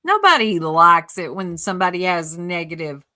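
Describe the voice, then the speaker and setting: A woman's voice: fairly low pitch, expressive, takes it slowly, bright, forceful tone. A woman streamer giving blunt, mocking commentary on a clip, laughing often. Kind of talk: reaction commentary.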